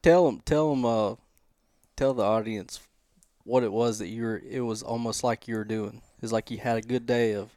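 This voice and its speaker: A man's voice: mid-range voice, steady tone, normal speed, warm tone. A man hosting a podcast, teasing his guest and mimicking him in casual banter.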